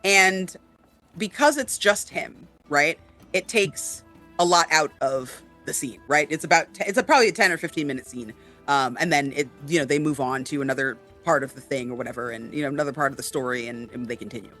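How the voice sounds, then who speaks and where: Bright-voiced woman co-host, lots of "um". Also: sits low, a little fast, soft background music. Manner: lots of fillers, says "right?" often. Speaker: podcast co-host. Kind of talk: casual chat about tabletop games.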